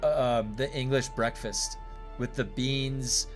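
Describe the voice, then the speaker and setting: A man's voice: medium pitch, steady tone, slow, faint music behind. A man from the United States streaming a game and chatting casually with viewers, rambling with many fillers and restarts.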